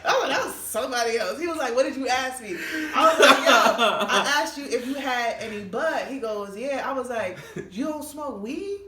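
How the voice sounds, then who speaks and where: A woman comedian telling a funny story in a lively, laughing way, acting out the people she quotes. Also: fairly quick, few pauses. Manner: laughs often, acts out quotes with big pitch jumps. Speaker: comedian guest. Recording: echoey room, mic at a distance, faint noise.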